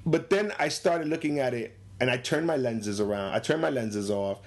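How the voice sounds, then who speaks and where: A man in a relaxed conversation about films, mid-pitched and lively. He laughs easily and jumps into high, put-on voices when he retells a scene. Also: moderate pace. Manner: animated, acts out characters in high voices, laughs often. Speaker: movie discussion co-host. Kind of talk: casual chat.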